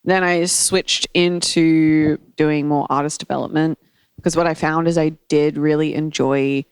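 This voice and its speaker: A young Australian woman with an Australian accent, a guest in a casual chat, bubbly and quick to laugh, with lots of "like". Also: sits low, steady tone, clean tone, dry recording. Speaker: guest, artist developer. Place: home set.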